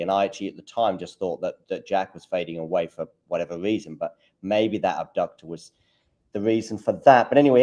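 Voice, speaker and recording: A man's voice: low-pitched, warm tone, muffled recording. A man hosting a podcast, chatting casually, repeating words as he finds his point and putting questions to his co-host. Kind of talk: casual chat.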